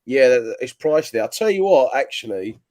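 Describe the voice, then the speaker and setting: A man's voice: medium pitch, very animated, moderate pace, a little mellow, no echo, studio quality. A man from England chatting casually about football, rambling with lots of fillers and casual swearing. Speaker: podcast co-host.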